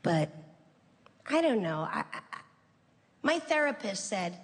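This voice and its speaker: Woman comic working a big room: casual, dry delivery, reverb-washed live sound. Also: slow. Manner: conversational, deadpan storytelling with sudden high-pitched voices for quoted people. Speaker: stand-up comedian. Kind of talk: stand-up routine. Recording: live show with long hall reverb and faint ambience.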